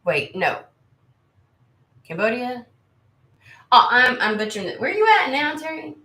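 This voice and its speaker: An American woman who reads tarot and hosts a channel chats casually with viewers on a livestream, rambling, candid and swearing freely. Her voice is fairly high, very animated, unhurried, pushed and bright, with a reverberant sound.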